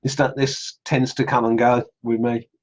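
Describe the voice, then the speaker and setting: A man's voice: medium pitch, level tone, unhurried, dull audio. A middle-aged man from England with an Australian accent layered over English, hosting a casual live stream and rambling through viewer comments with many ums. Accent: Australian with English traces. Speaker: online group host. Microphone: computer mic on live stream.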